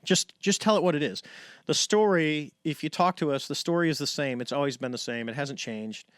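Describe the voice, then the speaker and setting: A middle-aged American man speaks quickly as a podcast guest, swinging into the voices of the people he quotes. His voice sits close to the mic with almost no room sound. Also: on the high side, clear, resonant tone, dry recording. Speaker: podcast guest, retired navy pilot. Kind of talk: casual storytelling.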